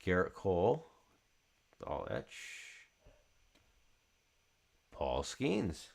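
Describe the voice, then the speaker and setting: A man's voice: low voice, wildly swooping pitch, very slow, vocal fry, darkish tone. A man hosting a card break, chatting casually and calling out card names as he opens packs.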